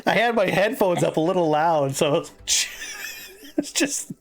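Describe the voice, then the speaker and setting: A man with a gravelly, creaky voice hosts a relaxed playthrough, chatting and reading aloud. He rambles loosely and laughs easily. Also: on the high side, unhurried, soft background music. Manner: giggly, rambling, breaks into laughter. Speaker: host. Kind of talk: casual chat while reading an interactive novel.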